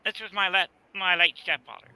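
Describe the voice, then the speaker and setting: A man's voice: high voice, steady tone, brisk, sharp tone, smooth, no echo, low-quality recording. A man from Arizona, telling rambling folksy stories in a casual video chat. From Arizona, USA. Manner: rambling storyteller, folksy, repeats "right there".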